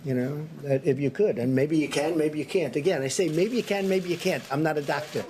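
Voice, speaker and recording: A man's voice: fairly high pitch, fairly quick, a little mellow, slight background noise. A man speaking at a press briefing, rambling and hesitant.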